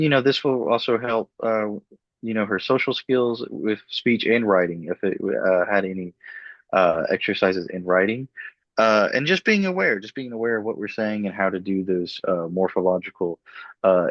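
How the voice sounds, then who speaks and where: A young man giving a class presentation as a student, hesitant with many filler pauses. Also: low-pitched, no echo. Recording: dull lo-fi dry recording.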